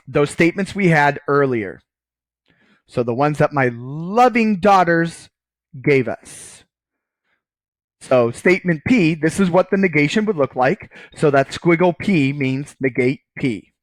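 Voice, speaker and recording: A man's voice: fairly high pitch, no echo. A man giving a recorded math lecture, casual and joking, often checking in with "okay" while writing on screen. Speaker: college math professor.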